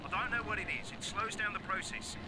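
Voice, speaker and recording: A desperate man pleads in a video game cutscene. His voice sits high and strained. Loud ambient noise hums behind him. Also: steady tone, fast, poor audio. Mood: urgent pleading. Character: desperate middle-aged man pleading for wife.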